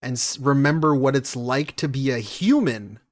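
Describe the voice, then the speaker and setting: A man's voice: medium pitch, normal speed. A man giving casual reaction commentary, mocking and incredulous, often laughing at what he hears.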